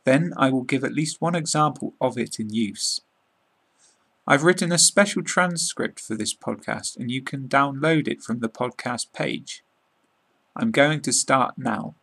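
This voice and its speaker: Slow, husky British man teaching. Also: mid-range voice, a bit bright. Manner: slow, deliberate, repeating each word. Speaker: podcast host and English teacher. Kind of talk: scripted language lesson.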